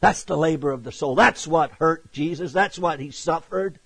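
A man preaching a sermon. He reads scripture aloud, rising to loud emphatic peaks and then dropping to hushed, low passages. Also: normal speed, vocal fry, breathy edge, no echo, poor audio.

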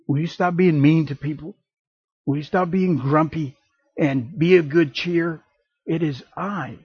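Animated male preacher, husky voice. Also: on the high side, normal speed, no room sound, muffled recording. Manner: animated, acts out voices and asides with jokes. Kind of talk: sermon.

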